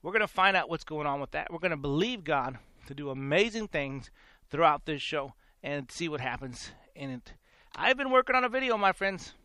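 A man's voice: on the high side, bright, forceful tone, no room sound, clean studio sound. A man in his forties hosting a faith talk show, telling a story in a rambling, repeating way and laughing between lines. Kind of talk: casual storytelling monologue.

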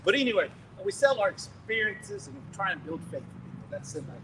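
A middle-aged male preacher telling a story in a sermon, animated and laughing, acting out scenes loudly. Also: high voice, a little fast, background noise.

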